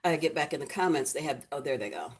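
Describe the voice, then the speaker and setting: Middle-aged woman, low warm speaking voice, chatty home cooking host talking to her viewers. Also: animated, fast talker. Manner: chatty and affectionate, talking to the comments. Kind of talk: casual livestream chat with viewers. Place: home, lit by a ring light.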